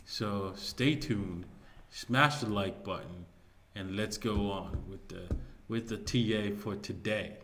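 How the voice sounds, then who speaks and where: A man's voice: on the low side, slow, fairly bright tone. A man hosting his own video, talking loosely through market news with many fillers and restarts. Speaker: crypto video host. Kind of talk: casual market commentary.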